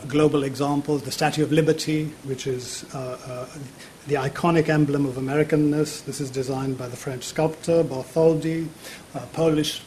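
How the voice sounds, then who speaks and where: A man in his fifties, a university politics lecturer, giving a public lecture in a lecture theatre, often pausing on fillers and repeating words. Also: on the high side, darkish tone, a little hiss or hum.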